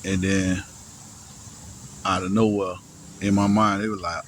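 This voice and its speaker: A young man telling a personal story in casual first person, halting and slangy, full of restarts, sighs and profanity. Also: low voice, flat delivery, slight background noise, low-quality recording.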